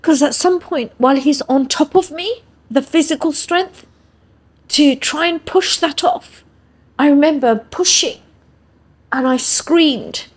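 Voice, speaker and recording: An English woman with a high voice speaks slowly as a podcast guest, earnestly sharing a personal story. She keeps checking in with her listener through "yeah?" tags.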